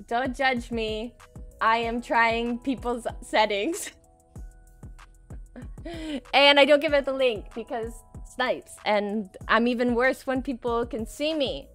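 A young woman doing casual commentary while playing a shooter game, excitable and screaming often, laughing and swearing between calmer stretches. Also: a little high, takes it slowly, soft background music. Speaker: gaming streamer.

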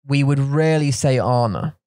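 A man's voice: medium pitch, normal speed, dark tone, dry recording, clean studio sound. An English man co-hosting a podcast, chatting casually and rambling with restarts as he mixes English and Mandarin. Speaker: podcast co-host. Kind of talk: casual bilingual chat.

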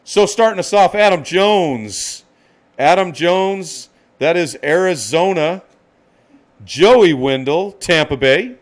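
A man hosting a live card-break stream, excitedly calling out each card and greeting viewers by name. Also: high voice, slow.

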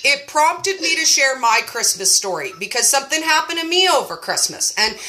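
A woman's voice: high-pitched, big pitch swings, normal speed, bright, forceful tone. A woman in her forties hosting a casual chat, telling stories in a chatty, self-mocking way and saying "like" a lot. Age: 40s. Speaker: host running a keto support group.

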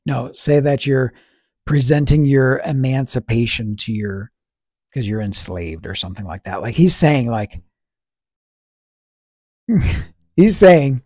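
Male podcast host, slightly raspy, casual reflective delivery, asks and answers his own questions. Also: mid-range voice, lively intonation, slow pace, long pauses, darkish tone, dry recording, studio quality. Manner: asks rhetorical questions and answers them himself; conversational, fillers like "you know" and "right".

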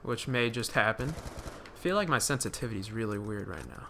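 A man's voice: fairly low pitch, animated, a little fast, vocal fry, sharp tone, slight background noise. Rambling young man doing game commentary. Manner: rambling, many fillers and restarts; jumpy, swears when startled. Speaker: gaming commentator. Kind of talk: live gameplay commentary.

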